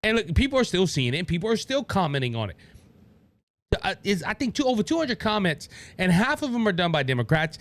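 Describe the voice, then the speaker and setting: A man with a Cajun accent hosting his own political podcast, talking in a rambling, animated way with many restarts and asides to "ladies and gentlemen.". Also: sits high, brisk. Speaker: podcast host. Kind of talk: solo political commentary.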